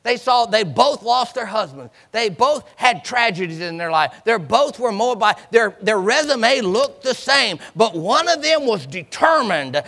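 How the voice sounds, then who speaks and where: Male preacher, high bright gravelly voice, dramatic storytelling sermon, long church reverb. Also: big pitch swings, measured pace, few pauses. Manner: dramatic storytelling, acting out voices, call and response.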